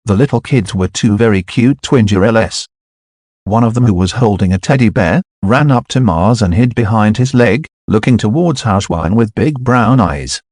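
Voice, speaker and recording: Low male narrator for a novel audiobook, steady and even, dry recording. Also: moderate pace, dry recording.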